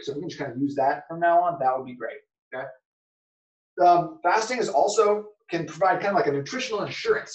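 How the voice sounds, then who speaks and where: A man with a fairly high voice hosts a solo podcast. He talks in a loose, rambling way and keeps dropping in fillers. The room is echoey and he sits a little back from the mic. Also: distant mic. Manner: casual, rambling, lots of "okay" and "like". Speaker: podcast host.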